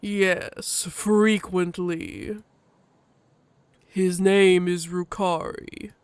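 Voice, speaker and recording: A woman voicing a gruff, hulking male husky warrior who speaks in slow, blunt, clipped words. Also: fairly even intonation, no room sound. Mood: curt. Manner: slow, terse, blunt and deep.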